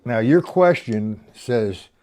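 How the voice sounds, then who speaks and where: An older man teaches drums over a live stream, counting beats out loud while he explains in an opinionated, rambling way. His medium-pitched, darkish voice is animated, though he takes things slowly.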